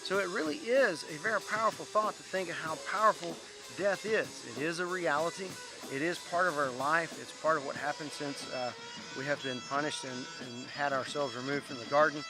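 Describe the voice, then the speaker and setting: A man's voice: on the high side, fairly quick, music in the background. A man teaching an informal Bible word study, earnest, reading scripture aloud and stumbling over Greek words.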